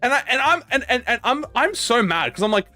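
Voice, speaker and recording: A man's voice: very high voice, big pitch swings, brisk, pushed and bright, no room sound. A young man, a gaming YouTuber, telling a rambling, profane anecdote in casual chat, with lots of restarts.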